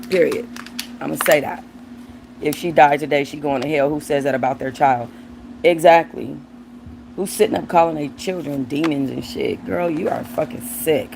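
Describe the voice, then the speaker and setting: Blunt, gravelly-voiced woman host. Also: low voice, darkish tone, slight background noise, poor audio. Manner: blunt, profane, emphatic; chatty, talks aside to her dog. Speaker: livestream host. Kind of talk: casual commentary reacting to viewer comments.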